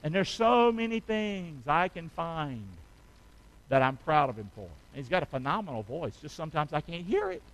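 A man's voice: a little high, big pitch swings, moderate pace, fairly bright tone, dry recording, rough recording. A middle-aged man preaching a sermon as pastor, calling out to the congregation for amens and answers. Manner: call-and-response preaching, asking the congregation for amens.

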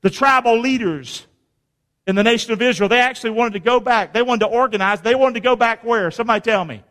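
A man preaching a sermon, quizzing the congregation and rising to shouts at the peaks. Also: very high-pitched, fast, big-room sound. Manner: preaching with call-and-response questions to the congregation; rises to shouting at climaxes. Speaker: pastor.

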